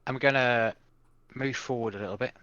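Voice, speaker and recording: A man's voice: medium pitch, fairly even intonation, a little fast, sharp tone. A man playing a tabletop game, describing his moves hesitantly with frequent ums. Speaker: player. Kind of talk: casual tabletop game play. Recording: dull, muffled mic.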